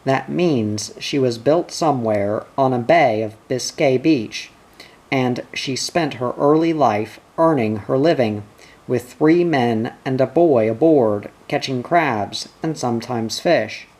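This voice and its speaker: A man reading the part of an older sailing instructor explaining ships, unhurried. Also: mid-range voice, darkish tone.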